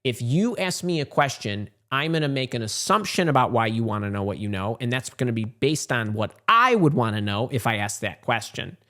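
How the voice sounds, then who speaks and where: A man's voice: mid-range voice, brisk, few pauses. Emphatic man giving career advice. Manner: animated, emphatic, repeats words for stress. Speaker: career coach. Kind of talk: emphatic advice talk to camera.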